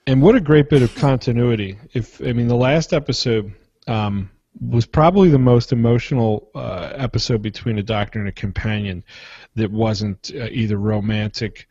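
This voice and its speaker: A man's voice: medium pitch, normal speed, warm tone, slightly rough, dry recording. A man with a Philadelphia accent co-hosting a TV review podcast, reflective and stammering through restarts. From United States. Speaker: podcast co-host. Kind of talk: casual chat. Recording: dull lo-fi sound.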